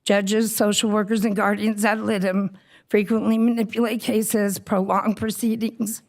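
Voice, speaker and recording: A woman reads a prepared statement at a county board meeting. She is earnest and steady. Her voice sits at a middle pitch. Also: normal speed. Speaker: public commenter.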